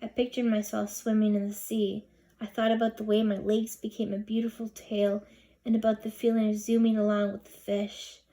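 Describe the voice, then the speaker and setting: A woman's voice: medium pitch, flat delivery, moderate pace, warm tone. A woman narrating a children's chapter book in first person, reading expressively. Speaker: audiobook reader. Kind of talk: storybook narration.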